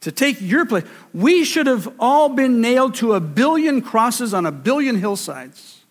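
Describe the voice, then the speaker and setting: A man's voice: very high-pitched, very animated, measured pace. A man preaching a sermon with emphasis, repeating key phrases for weight. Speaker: pastor. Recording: reverberant hall.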